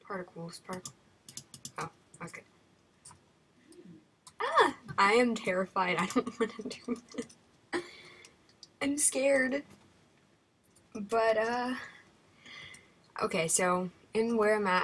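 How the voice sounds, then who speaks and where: A woman's voice: medium pitch, a little hiss or hum. A young woman giving nervous, frightened commentary while playing a horror game, often dropping to a whisper. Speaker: gamer.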